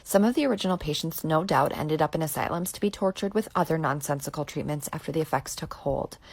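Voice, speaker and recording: A woman narrating a short video clip with lively, emphatic delivery. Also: low-pitched, fast, vocal fry, husky, dry recording.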